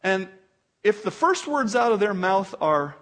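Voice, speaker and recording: A man's voice: high voice, sing-song, measured pace, a bit bright. A man preaching a sermon as pastor in a conversational way, with asides and laughter.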